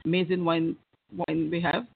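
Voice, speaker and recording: Hesitant Anguillan woman, husky and tinny. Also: deep voice, level tone, no echo. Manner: hesitant, halting. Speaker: restaurant manager guest. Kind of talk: casual interview chat. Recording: tinny phone-like radio sound.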